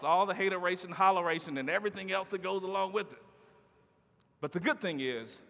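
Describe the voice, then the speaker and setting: A man's voice: high voice, fairly bright tone. A middle-aged man giving a motivational keynote speech with a rhythmic, playful delivery, heard in a large conference hall. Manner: rhythmic, call-and-response style delivery with playful asides. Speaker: keynote speaker. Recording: long hall reverb.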